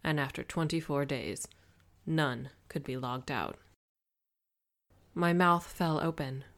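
Low, gravelly woman narrator. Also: takes it slowly, pauses often, a bit bright. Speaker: audiobook narrator. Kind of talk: first-person audiobook narration.

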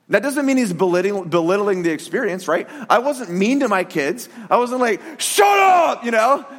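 A middle-aged man, a pastor giving a sermon in a conversational, animated storytelling way. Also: high voice, in a large hall.

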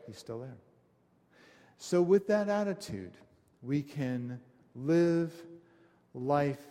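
A man preaching a conversational sermon, telling stories with animated asides to his congregation. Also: medium pitch. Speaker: pastor. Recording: long hall reverb.

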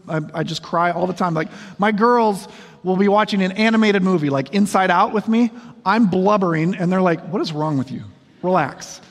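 A man in his forties preaching a sermon, speaking in a conversational, self-deprecating way with humorous asides. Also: high-pitched. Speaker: pastor. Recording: long reverb of a large hall.

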